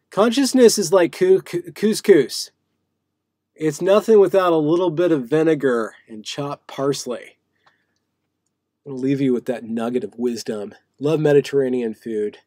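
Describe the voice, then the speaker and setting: A man's voice: medium pitch, moderate pace, mellow, dry recording, clean studio sound. A man hosting a live stream from a small room, talking casually and playfully in a rambling way, with many fillers and restarts. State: sweaty. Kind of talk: casual livestream monologue.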